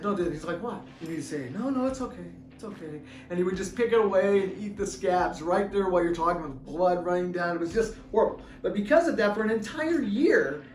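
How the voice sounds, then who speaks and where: A middle-aged man, an author and former deputy, telling a personal story in an animated, chuckling way. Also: sits high. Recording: roomy room, distant mic, faint music.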